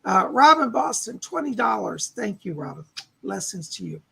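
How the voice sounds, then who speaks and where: A male psychic medium on a live stream, hoarse from losing his voice, relaying spirit messages and thanking donors by name. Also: sits high, sing-song, moderate pace, sharp tone. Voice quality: gravelly, husky voice. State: losing his voice, clearing his throat.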